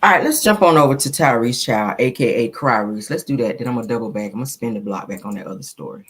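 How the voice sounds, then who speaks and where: A woman's voice: extremely low pitch, animated, fast talker, slightly rough. A woman hosting a casual celebrity gossip livestream, talking sassily to her chat and peppering her talk with "honey" and "child".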